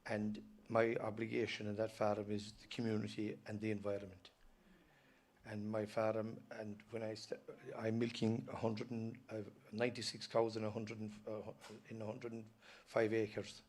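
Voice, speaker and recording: An Irish man speaking at a live event. His voice is low and steady, with little rise or fall. He talks earnestly but haltingly, catching himself and starting over. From Ireland. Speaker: dairy farmer giving a talk. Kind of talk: personal storytelling speech.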